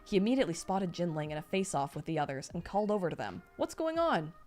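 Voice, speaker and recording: A young woman streamer reading a novel aloud, steady between excited asides. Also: lowish voice, very fast, faint music behind. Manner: reads steadily, breaks off into excited reactions.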